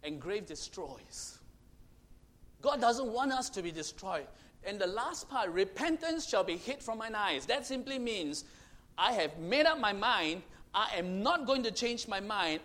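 A man preaching a sermon, swinging between loud proclamation and hushed, intimate tones, with emphatic, repetitive phrasing. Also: high voice, big pitch swings, a little slow.

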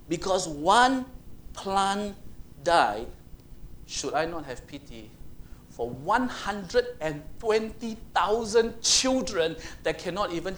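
A man preaching, voicing God as a patient, reasoning heavenly father in a slow, pleading way. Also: a little high, fairly bright tone, slight background noise, heavily acted.

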